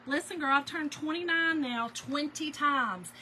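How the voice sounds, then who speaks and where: Woman in her forties hosting a craft livestream, bright higher voice, talkative storyteller chatting with viewers. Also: measured pace, slight background noise, poor audio. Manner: chatty storyteller, talks to viewers and reads their names aloud. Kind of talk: casual livestream chat while crafting.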